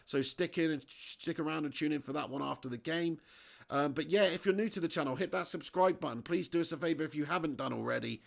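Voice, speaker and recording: Guy hosting a footy watch-along stream, a bit high voiced, chatty, reads out chat and laughs a lot. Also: fast talker, creaky. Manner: chatty, reads viewer comments aloud, laughs often. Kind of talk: casual live-stream chat and match commentary.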